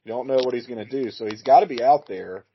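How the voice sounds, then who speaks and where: A man's voice: mid-range voice, fast, a little hiss or hum. A man co-hosting a casual podcast chat, thinking aloud and restarting his sentences. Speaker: podcast co-host. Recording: dull lo-fi audio.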